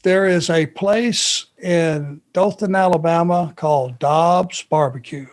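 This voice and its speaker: A man from Georgia, co-hosting a podcast and telling a long anecdote in an unhurried, drawn-out way. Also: fairly high pitch. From Georgia, USA. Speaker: podcast co-host. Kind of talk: casual storytelling chat.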